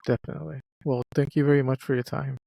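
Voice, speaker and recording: A man's voice: mid-range voice, level tone, fast, gravelly, mellow. A man interviewing a guest, mostly giving short acknowledgments and closing the talk. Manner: brief backchannel replies.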